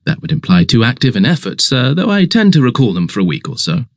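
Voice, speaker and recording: A man voicing an unflappable male valet who speaks in a measured, deferential, deadpan way. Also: mid-range voice, dry recording, clean studio sound.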